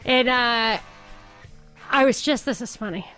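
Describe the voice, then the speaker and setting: A woman's voice: on the high side, measured pace, fairly bright tone, smooth, faint music behind. A woman hosting a talk radio show from a studio, chatting casually and animatedly, laughing often.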